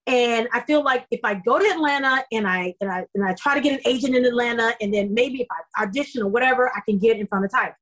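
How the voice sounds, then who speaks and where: Animated middle-aged woman telling a story. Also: fairly high pitch, fast talker, hardly any pauses. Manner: animated, acts out quoted dialogue. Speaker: actress guest. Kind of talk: podcast interview storytelling.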